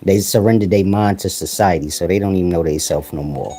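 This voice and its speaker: A man's voice: low voice, brisk, mellow, soft background music. A man delivering a crude, casual comedic monologue in swaggering slang, with drawled asides to the listener. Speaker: comedic ranter.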